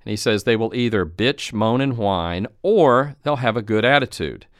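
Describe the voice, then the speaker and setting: A man with a smooth, resonant voice gives a coaching talk, recorded dry and close. He tells anecdotes and plays out the lines of the people in them. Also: on the low side, lively intonation, moderate pace, no room sound. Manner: retells anecdotes and acts out quoted speech. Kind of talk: instructional storytelling talk.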